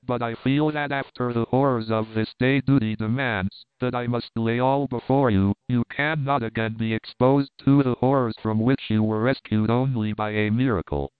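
A man voicing a scheming male doctor who talks in a solemn, measured, persuasive way. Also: mid-range voice, fairly even intonation, clean tone, no room sound, close to an everyday voice. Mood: grave. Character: scheming grave male doctor, middle-aged. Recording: narrow phone-like band.

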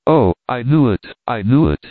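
A doomed young woman prisoner speaks in a low, soft voice, frightened yet tender, as a male reader puts her on. The sound is tinny and narrow, like a phone line, with a dry, close feel. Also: expressive, moderate pace, no echo, close to an everyday voice. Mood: anguished. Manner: low, soft-voiced, rising to anguished pleas. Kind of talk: audiobook dialogue reading.

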